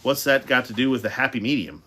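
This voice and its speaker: A man's voice: mid-range voice, quick pace, fairly bright tone, natural voice. A man reading the part of an impatient teenage boy.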